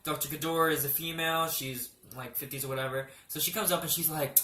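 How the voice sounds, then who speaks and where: A man telling a personal story in a casual, animated way, swearing often and breaking into laughing outbursts. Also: a little high, fast talker, a little hiss or hum. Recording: roomy echo.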